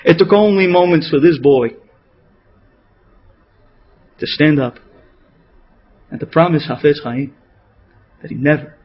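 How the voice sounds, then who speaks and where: A man, a rabbi, delivering a sermon as an emotional story, with a dramatic delivery that swings between loud peaks and hushed moments. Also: fairly high pitch, a little slow, pauses often. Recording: dull lo-fi radio recording.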